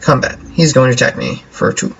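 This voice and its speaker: A young man casually commentating his own card game as he plays, joking and thinking out loud. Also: medium pitch, steady tone, fairly quick, gravelly, breathy edge, low-quality recording. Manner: playful, jokey, talks to himself while playing. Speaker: gameplay commentator.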